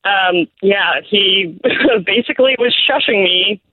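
A woman's voice: medium pitch, slow, no room sound. A woman calling in to a radio show over the phone, embarrassed and laughing nervously. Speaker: caller. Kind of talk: phone call on air. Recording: tinny phone line.

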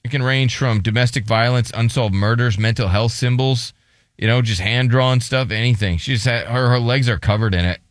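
A male radio co-host running through odd news headlines in a dry, matter-of-fact voice. His pitch sits mid-range for a man. The studio mic gives him a close, dry sound with no room echo. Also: brisk. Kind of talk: casual radio banter.

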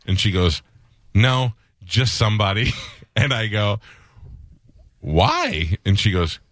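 A middle-aged man hosting a radio show, telling a story with animated quoted voices in casual banter. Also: fairly low pitch, slow pace, no echo.

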